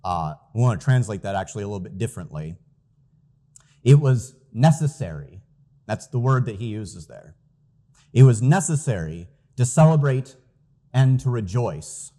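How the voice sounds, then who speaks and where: A man's voice: on the low side, expressive, normal speed, dark tone. A man preaching a sermon as pastor, earnest and emphatic, reading out scripture quotes.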